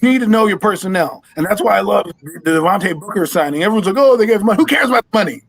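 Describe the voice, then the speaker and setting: A man calling in to a sports show, ranting in a loud, heated voice that often breaks into shouting. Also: high-pitched, animated, rapid-fire, gravelly, slightly rough, dry recording. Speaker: call-in caller. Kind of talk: fired-up fan rant.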